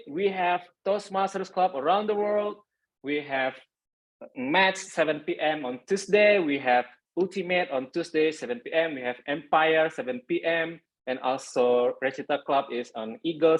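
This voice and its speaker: A man, a club president giving lively meeting announcements over a video call. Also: fairly high pitch. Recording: muffled online call audio.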